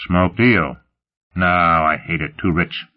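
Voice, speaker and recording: A man's voice: low voice, slow. Man doing a gloating, brash pleasure-seeker. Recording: tinny phone-like sound.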